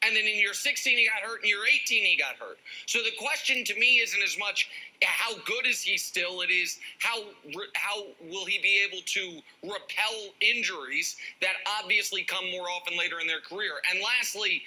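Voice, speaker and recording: A man's voice: high-pitched, moderate pace, pushed and bright, low-quality recording. A male sports analyst making his points on a debate show with wry, sarcastic jokes.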